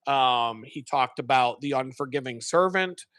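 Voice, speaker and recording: A man's voice: medium pitch, measured pace, a bit bright, dry recording. A man hosting a live stream, casually retelling a sermon in a rambling, profane way and correcting himself as he goes.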